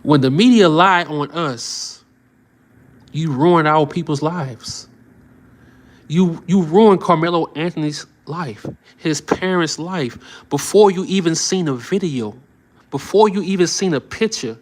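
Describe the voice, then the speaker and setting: A man's voice: fairly high pitch, a little slow. A man commenting on the news on a live stream, heated and preachy, who often repeats short phrases for emphasis.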